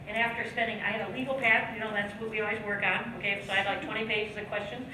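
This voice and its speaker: A woman's voice: medium pitch, flat delivery, very fast. A woman in her fifties from the United States giving a jokey, chatty seminar talk to a live audience, often laughing at her own lines. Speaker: guest speaker and trainer. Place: large hall with an audience. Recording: echoey hall, distant mic, audience noise.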